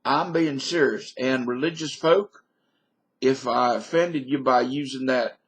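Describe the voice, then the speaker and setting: A man from British Columbia talks into a webcam, drifting from one aside to the next in a folksy, mock-learned way. His voice is slightly husky and his delivery unhurried, with plenty of loose asides. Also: mid-range voice. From British Columbia, Canada. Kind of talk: rambling comic monologue.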